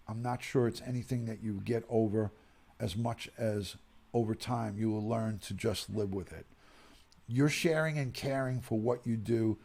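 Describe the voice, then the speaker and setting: Grieving middle-aged man with a gravelly voice. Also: mid-range voice. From United States. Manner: soft-spoken, emotional, pauses and sighs. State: grieving, near tears. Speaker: streamer reading viewer messages. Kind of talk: emotional livestream reading.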